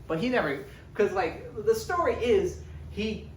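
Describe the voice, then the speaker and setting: A man's voice: high voice, very animated, unhurried. A young man casually recapping a book series, chatty and profane, constantly checking in with "right?". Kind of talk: casual, rambling spoken recap. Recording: roomy, distant from the mic, faint hiss.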